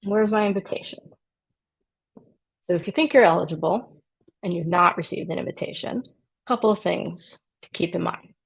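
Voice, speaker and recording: Low gravelly woman immigration attorney. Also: a little fast, low-quality recording. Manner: conversational, dryly sarcastic asides. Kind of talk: explanatory talk to camera.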